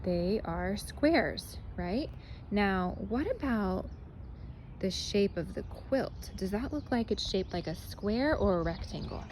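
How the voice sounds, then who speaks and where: A woman's voice: mid-range voice, expressive, slow pace, darkish tone, a little hiss or hum. A cheerful young woman teaching a casual math lesson to children, chatting to them as she films with a phone in one hand. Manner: cheerful, chatty, addresses kids as guys. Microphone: phone held in hand.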